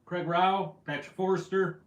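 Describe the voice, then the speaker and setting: A man's voice: high voice, fairly even intonation, measured pace, dull audio. A man hosting a casual fishing livestream from home, a little out of breath, greeting viewers by name. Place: at home indoors. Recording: roomy echo.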